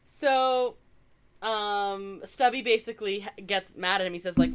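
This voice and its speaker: A woman's voice: mid-range voice, unhurried, smooth. A woman from Canada co-hosting a podcast, chatting casually as she recaps a movie, with lots of "like" and wry asides. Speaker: podcast co-host.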